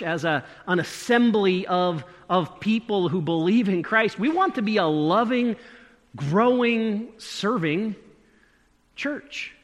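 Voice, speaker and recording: Brief: male pastor delivering a sermon, high and lively delivery, unhurried, long reverb of a church hall. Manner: earnest, repeats words and shifts emphasis. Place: church sanctuary.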